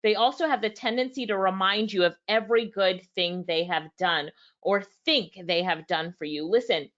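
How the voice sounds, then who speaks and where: A woman's voice: medium pitch, normal speed, fairly bright tone, muffled recording. A woman reviewing a book live, reading passages aloud and talking straight to her viewers, acting out both sides of past conversations. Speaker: book reviewer and business owner.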